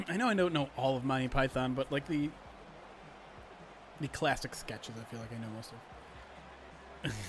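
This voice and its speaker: A man calling a simulated football game on a livestream, switching between animated play-by-play and chatty asides to his viewers, often clearing his throat. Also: mid-range voice, normal speed, pauses often, background noise. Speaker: streamer doing play-by-play. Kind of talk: livestream sports play-by-play commentary.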